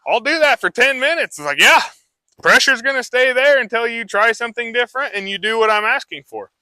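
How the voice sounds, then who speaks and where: A man's voice: very high-pitched, lively intonation, fairly quick, bright, forceful tone, no echo. A man who trains horses, talking a live audience through a demonstration in a casual, rambling way full of fillers.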